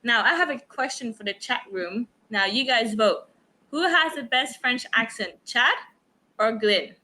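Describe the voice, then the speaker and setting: A woman's voice: fairly high pitch, expressive, a little slow, pushed and bright. A woman hosting a casual livestream Q&A, asking questions and encouraging the guests. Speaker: host.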